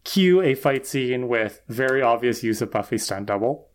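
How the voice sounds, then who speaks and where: A man's voice: mid-range voice, lively intonation, normal speed. A man co-hosting a podcast, retelling episode plot in a wry, casual way. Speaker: podcast co-host. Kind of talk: casual recap chat.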